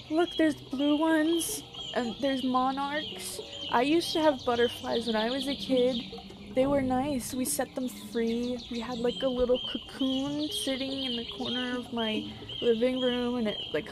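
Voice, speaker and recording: A woman's voice: sits high, noisy background. A woman streaming a horror game, squeamish and nervous, repeating words and laughing often through a headset mic.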